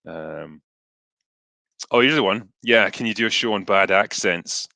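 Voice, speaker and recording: A man's voice: fairly low pitch, measured pace, gravelly, bright, forceful tone, no echo. A Scottish man in his thirties hosting a casual livestream, reading superchats into a headset with lots of fillers and dry, sarcastic humor. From Scotland.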